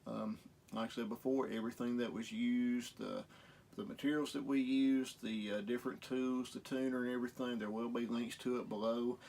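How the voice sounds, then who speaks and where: A man's voice: mid-range voice, flat delivery, normal speed, gravelly, a little mellow. A man with a Southern US accent, host of a guitar repair channel, explaining a guitar setup in a casual, easygoing, folksy way. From Southern United States. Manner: easygoing, folksy and self-deprecating. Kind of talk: casual instructional demo.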